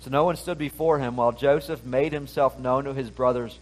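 A man preaching a sermon, reading scripture and retelling it in a conversational way, swinging from loud emphasis to hushed asides. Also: mid-range voice, steady tone, brisk, low-quality recording. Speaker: pastor.

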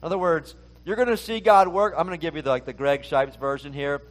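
A man's voice: fairly high pitch, steady tone, fast. A male pastor preaching a conversational sermon, talking casually and asking the listeners many rhetorical questions.

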